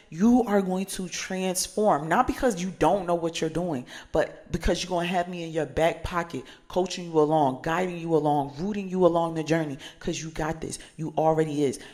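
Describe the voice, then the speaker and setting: A woman from New Jersey, a life coach, giving a casual motivational daily check-in in a chatty, slangy storytelling way with repeated phrases. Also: deep voice. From New Jersey, USA.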